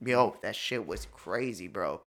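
Host type, male, bright tone, animated profane storyteller, casual chat. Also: fairly low pitch, a little slow.

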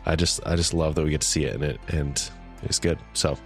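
A man co-hosting a casual podcast discussion, emotional and quick to laugh. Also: a bass voice, fairly even intonation, faint music behind. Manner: warm, emotional, laughs often. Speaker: podcast co-host.

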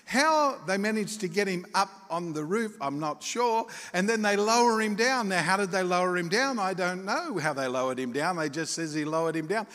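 A male pastor, preaching a sermon with animated storytelling, acting out voices and chuckling asides. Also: high voice, moderate pace, few pauses, long reverb tail. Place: church hall.

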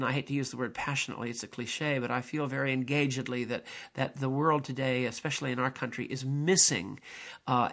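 A man's voice: mid-range voice, vocal fry, fairly bright tone. An older man giving a lecture on theology and drama, speaking hesitantly with many restarts.

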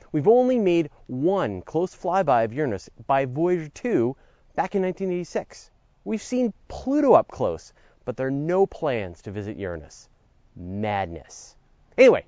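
A man's voice: fairly high pitch, warm tone, dry recording, muffled recording. A man hosting a podcast, reading a scripted science script with a playful, jokey manner and theatrical asides. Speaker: podcast host.

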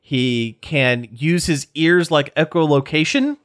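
A man's voice: fairly high pitch, slow pace, fairly bright tone. A man hosting a casual podcast chat, rambling, joking and laughing often. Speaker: podcast host.

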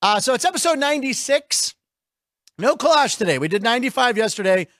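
High-voiced joking male show host. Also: big pitch swings, a bit bright, dry recording, clean studio sound. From Pittsburgh. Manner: joking, rambling, quick asides to the chat. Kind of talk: casual comedic radio chat.

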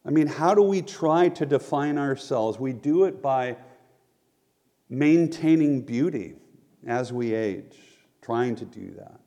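A man preaching a sermon as pastor, earnest and measured, with quoted asides. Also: medium pitch, animated, warm tone. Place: church sanctuary. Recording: long reverb of a large hall.

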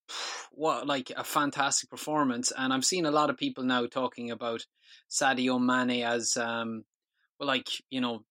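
A man's voice: medium pitch, sharp tone, no room sound, studio quality. A man hosting a football podcast, loose and full of fillers. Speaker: podcast host. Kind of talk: casual football discussion.

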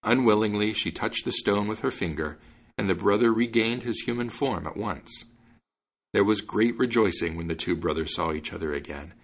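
A man hosting a podcast and reading a fairy tale aloud in an expressive, measured way. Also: on the low side. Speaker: podcast host and narrator.

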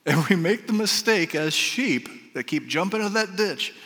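Bright-voiced guy preaching, acts out the characters, goes soft and quiet sometimes, big echoey church. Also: sits high, normal speed. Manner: animated preaching, acting out voices, dropping to soft asides. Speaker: pastor. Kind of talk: sermon. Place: church sanctuary. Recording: reverberant hall.

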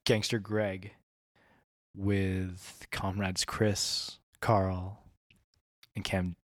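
A man's voice: sits low, little pitch movement, extremely slow, no room sound. A man steers an improvised comedy role-play as game master. He rambles, restarts and laughs often. The sound is dry and close.

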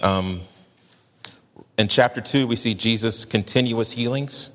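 A man preaching a sermon in a measured way, slowing down to stress questions and quotes. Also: medium pitch, a bit bright. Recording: long hall reverb.

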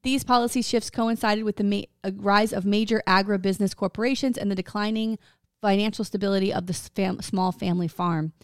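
A woman in the middle of an unscripted podcast chat, reading a story from her notes and stumbling over words as she goes. Her voice sits at a middle pitch and sounds dry and close to the mic, with no room sound behind it. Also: fairly even intonation, fairly quick, smooth, no room sound. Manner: reads notes aloud with stumbles, swears, laughs. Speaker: podcast co-host telling the story.

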